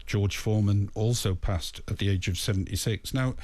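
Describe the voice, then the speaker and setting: A man hosting a radio talk show, measured and prompting his guest with short murmurs. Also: fairly low pitch, a little mellow. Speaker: radio host.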